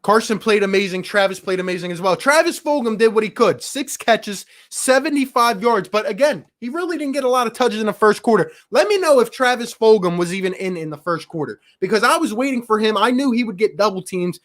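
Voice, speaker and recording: A man with a strikingly high-pitched voice hosts a live sports show after the game. He rants with exasperated passion, leans on casual slang like bro and my guy, and sighs over every bad call. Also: lively intonation, fairly quick, hardly any pauses, a bit bright. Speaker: sports talk show host.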